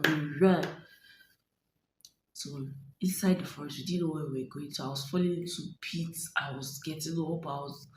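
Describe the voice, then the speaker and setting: A young Nigerian woman vlogger dramatically retelling a story to her viewers, acting out voices and dropping to whispers. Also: deep voice. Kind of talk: storytelling to camera. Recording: echoey room, faint ambient noise.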